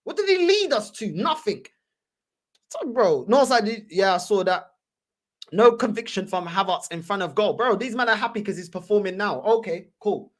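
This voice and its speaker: A woman's voice: mid-range voice, animated, normal speed. A woman hosting a fan channel, ranting heatedly in slangy, repetitive reaction commentary.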